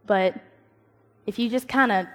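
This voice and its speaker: A young woman gives a casual devotional talk. She speaks in a lively, animated way and puts on voices for the people in her stories. Her tone is relaxed and storytelling. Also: on the high side, unhurried. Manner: animated, acts out quoted voices, laughs at herself.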